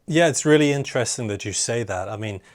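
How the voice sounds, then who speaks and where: A man's voice: mid-range voice, lively intonation, quick pace. A man hosting an interview in a chatty, casual way, full of "like" and "you know". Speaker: interview host. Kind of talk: conversational interview.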